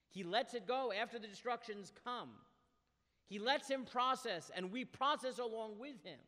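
A man teaching a Bible class. He reads Hebrew verses and translates them, and his delivery swings between hushed and loud. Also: high voice, lively intonation, moderate pace, long reverb tail. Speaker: Torah teacher.

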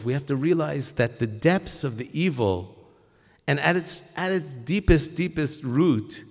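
A man's voice: a little high, expressive, a little slow. A man giving a religious lesson, speaking earnestly and emphatically with frequent restarts. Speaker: religious teacher. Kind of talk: Torah lesson with stories. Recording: long hall reverb.

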